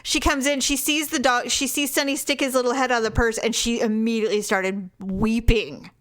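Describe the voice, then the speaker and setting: A woman co-hosting a casual podcast chat, telling stories in a fairly high voice. She talks in an animated way, swears freely and laughs often. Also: fairly quick. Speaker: podcast co-host.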